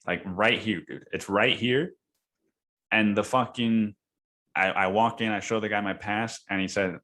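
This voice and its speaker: A young man hosting a podcast, telling a story in casual chat, swearing a lot and calling the listener dude and man, and acting out quoted people with sudden high yells. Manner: profane, slangy, says dude and man a lot; acts out quoted voices with sudden high yelling. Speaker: podcast host.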